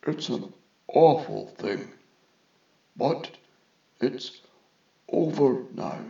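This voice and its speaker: A breezy male vizier , as a male reader puts him on, speaking slowly and surely, brushing off any danger. His low-key voice is slightly dull, like a modest recording. It is a storybook reading of a space tale. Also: animated, vocal fry, dark tone, roomy sound, heavily acted. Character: cheery confident male vizier on a spacecraft radio.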